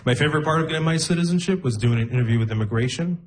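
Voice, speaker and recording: A young man doing a stand-up set, telling wry, self-deprecating stories and slipping into quick character voices. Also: fairly high pitch. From Arab region. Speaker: stand-up comedian. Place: comedy stage with a laughing audience.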